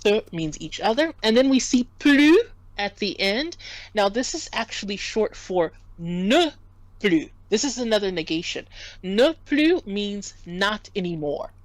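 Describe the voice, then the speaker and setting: A woman's voice: medium pitch, sing-song, unhurried, dry recording, low-quality recording. A woman tutoring French in a casual lesson, patiently explaining and spelling out words.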